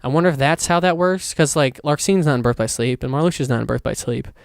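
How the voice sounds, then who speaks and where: A man hosts a solo podcast in a loose, rambling way, swearing often and getting worked up as he talks. His voice sits a bit high and comes across smooth and clear. The close mic gives a dry sound with almost no room. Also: fast talker, no echo. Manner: rambling, profane, excitable. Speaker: podcast host.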